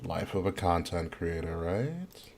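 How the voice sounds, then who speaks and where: A man hosting a live-stream podcast, relaxed, muttering to himself while fixing technical problems. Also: low voice, unhurried, vocal fry. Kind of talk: casual live-stream chat.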